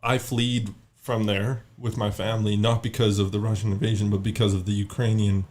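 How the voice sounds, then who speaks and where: A man's voice: lowish voice, little pitch movement, fairly quick, a little mellow. A man guesting on a podcast, telling a rambling story in casual chat and swearing freely.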